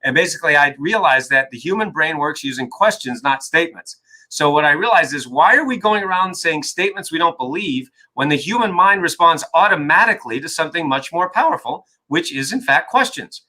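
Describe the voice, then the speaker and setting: A man's voice: on the high side, lively intonation, fairly quick, pushed and bright, poor audio. A man being interviewed as an author and coach, talking emphatically and often checking in with "right?". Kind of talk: energetic interview talk.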